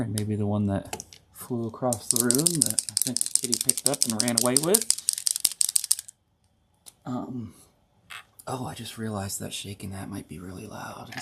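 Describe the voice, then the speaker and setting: A man's voice: mid-range voice, vocal fry, noisy background. A middle-aged man hosting a casual hobby tutorial at home, chatty and rambling, often correcting himself mid-sentence. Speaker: host of a board gaming channel.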